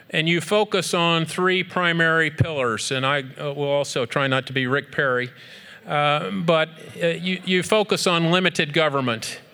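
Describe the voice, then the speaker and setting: A middle-aged man addresses an audience with earnest, emphatic conviction and builds his points through rhetorical repetition. His voice sits a little high for a man and sounds bright and forceful. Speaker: speaker honoring a group at an event. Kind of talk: speech to an audience.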